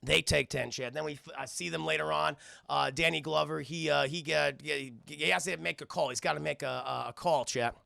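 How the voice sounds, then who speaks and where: A man's voice: fairly high pitch, fairly even intonation, fairly quick, vocal fry, pushed and bright, dry recording, clean studio sound. A man streaming live, recapping a film scene by scene in a rambling, profane way and talking to his chat. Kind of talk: casual livestream film recap.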